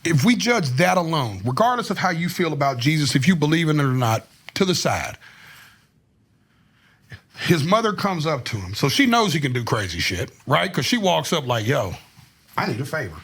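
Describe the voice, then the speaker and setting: A man with a husky, breathy voice that sits high and swings widely up and down. He talks casually and profanely, leaning into each story with plenty of energy. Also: big pitch swings, moderate pace, a bit bright. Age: adult, married. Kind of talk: casual chat.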